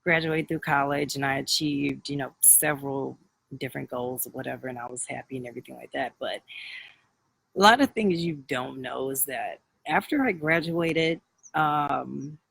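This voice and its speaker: Gravelly man telling his story. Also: mid-range voice, normal speed, a bit bright, poor audio. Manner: rambling and candid, with many fillers and restarts. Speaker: livestream host. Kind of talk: casual personal storytelling on a live video.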